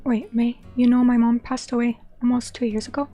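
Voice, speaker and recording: A young woman streamer chatting casually with viewers, rambling with many fillers and quick apologies. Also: fairly high pitch, level tone, warm tone, dry recording. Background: faint background music.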